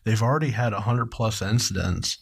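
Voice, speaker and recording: A man's voice: lowish voice, brisk, gravelly, breathy edge. A man co-hosting a true crime podcast, reading the case steadily and asking his co-host pointed questions.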